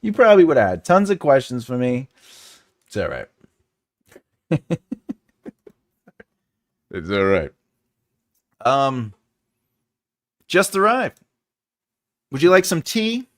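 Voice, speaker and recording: A man's voice: mid-range voice, wildly swooping pitch, slow pace, long pauses, dry recording. A man hosting a casual livestream as a writing teacher, chatty and jokey, chuckling often and greeting viewers by name.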